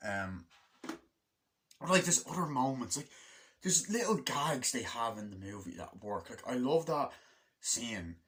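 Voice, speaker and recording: A young man giving a rambling, casual movie review, swearing often and acting out scenes in quick impressions. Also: medium pitch, expressive, fairly bright tone, slight background noise.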